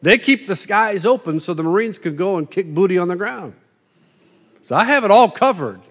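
A middle-aged man gives a conversational sermon, playing out quick quoted voices as he talks. His voice sits fairly high for a man. Long reverb trails off the walls of a large hall. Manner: animated, plays out quoted voices in asides. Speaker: preacher.

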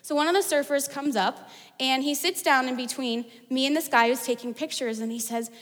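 A woman's voice: high voice, fairly quick, fairly bright tone, in a large hall. A woman pastor from the United States preaching a sermon in a chatty, storytelling way. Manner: conversational, storytelling with fillers like "like".

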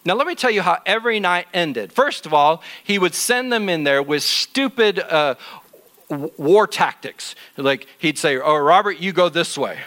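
A middle-aged man teaching in church, telling a Bible story to children in an animated, jokey way. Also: high voice, measured pace.

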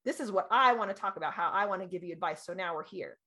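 A woman in her thirties chatting casually as a podcast co-host, animated and laughing, acting out quoted voices. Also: on the low side, fast talker. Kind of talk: casual chat.

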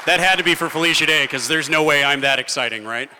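A man's voice: on the high side, fast, crowd noise, noisy background. A man from Texas moderating a convention panel, upbeat and hype-building as he talks with the guest. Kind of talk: convention emcee and casual Q&A. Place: large convention theater.

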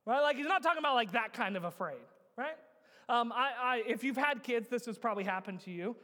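A man in his thirties preaching with a high, ringing voice, pressing the congregation with rhetorical questions. He swings from loud urging down to hushed, heavy emphasis. The sound carries a long echo from a large church hall. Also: animated, moderate pace. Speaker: pastor. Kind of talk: sermon.

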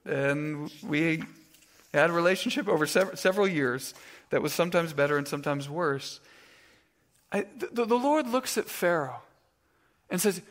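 A man preaching a sermon in a conversational way, often stumbling over and repeating his words, and telling stories with animated energy. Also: on the high side, moderate pace, pauses often, long reverb tail. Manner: conversational, stammering restarts, animated storytelling. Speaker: pastor. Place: church sanctuary.

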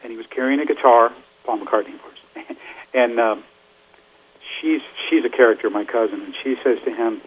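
A man's voice: mid-range voice, normal speed, husky. An older man, a musician guest, telling stories in a rambling, chatty way with lots of fillers. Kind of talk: casual interview storytelling. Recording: phone-like line.

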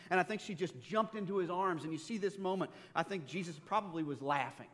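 Male pastor, slightly high voice, conversational preacher with humor, long hall reverb. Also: brisk, hardly any pauses. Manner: conversational, animated storytelling with humor. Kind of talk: sermon. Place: church sanctuary.

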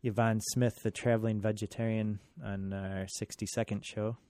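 A man's voice: on the low side, level tone, normal speed, darkish tone, clear, resonant tone, no room sound. Joking male radio host in a studio. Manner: jokey, laughs easily. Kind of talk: casual studio chat.

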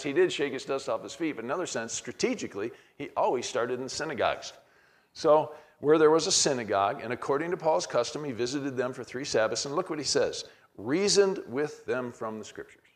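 A man, middle-aged, teaching a Bible class in a conversational way, reading verses aloud with frequent restarts. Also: mid-range voice.

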